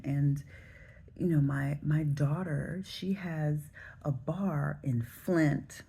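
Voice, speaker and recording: A woman in her forties from the Southern US, telling a travel story to camera in a chatty, relaxed way. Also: sits low, takes it slowly, gravelly, slightly rough. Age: 40s. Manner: chatty, relaxed, addresses viewers directly. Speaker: travel vlogger.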